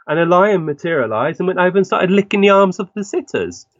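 A man, a guest on an interview, telling animated stories and acting out the voices of people in them. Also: sits high, fast talker, no echo. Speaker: guest medium. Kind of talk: interview storytelling. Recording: dull, dry lo-fi recording.

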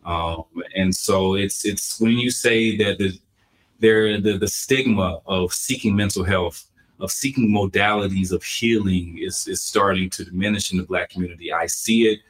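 A man co-hosting a podcast interview, talking in a halting way with many fillers and restarts. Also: deep voice, poor audio. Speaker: podcast co-host. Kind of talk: conversational interview.

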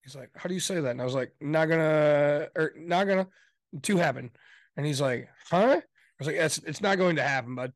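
Here the co-host's voice is medium in pitch and fairly bright, and he talks fast with no echo. He's joking around and telling stories in casual podcast chat, playing both parties in the dialogue himself.

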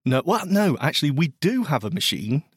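A man's voice: a little high, sing-song, a little fast, husky, no room sound, studio quality. A man co-hosting a casual podcast, joking in a playful, self-mocking way. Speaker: podcast co-host. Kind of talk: casual chat.

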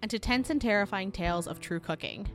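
A woman's voice: medium pitch, a little fast, faint music behind. A woman co-hosting a casual podcast, playful and joking as she tells stories. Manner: playful, jokey storyteller. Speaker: podcast co-host. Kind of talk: casual chat.

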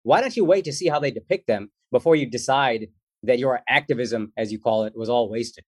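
A man who is a comedian, talking as a guest in a casual interview in an animated, joking and slangy way. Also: mid-range voice, a little fast, slightly rough, dry recording, clean studio sound.

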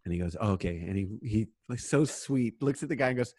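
A man co-hosting a podcast, chatting casually and telling animated stories about his playing days with plenty of swearing. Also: medium pitch, fast, breathy edge, dry recording, studio quality. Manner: animated, swears freely, acts out quotes loudly. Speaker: podcast co-host, former player. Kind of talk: casual chat, storytelling.

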